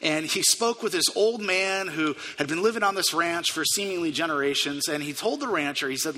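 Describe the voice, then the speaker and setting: Male preacher, earnest storyteller; high, forceful voice in a reverberant sanctuary. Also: fairly quick, hardly any pauses. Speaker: pastor. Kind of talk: sermon. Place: church sanctuary. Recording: long hall reverb.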